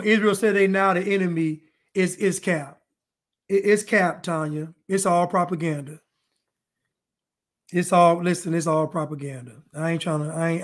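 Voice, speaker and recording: This man hosts a casual podcast stream, and his voice sits high for a man. He talks loosely and animatedly, jokes around and circles back to the same phrases. He keeps thanking his viewers as he goes. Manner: animated, joking, repeats himself. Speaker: podcast host. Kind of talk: casual live-stream chat.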